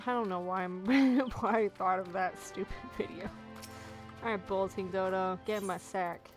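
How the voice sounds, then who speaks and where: A woman's voice: medium pitch, steady tone, normal speed, faint music behind. A woman hosting a casual let's play, joking and laughing at the game's dialogue. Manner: giggly, jokey, reacts to game dialogue. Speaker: gaming channel host.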